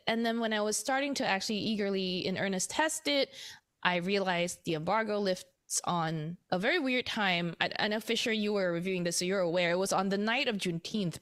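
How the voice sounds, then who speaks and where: A woman's voice: mid-range voice, a bit bright. A woman hosting a casual tech podcast, chatty and rambling as she explains things. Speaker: podcast host.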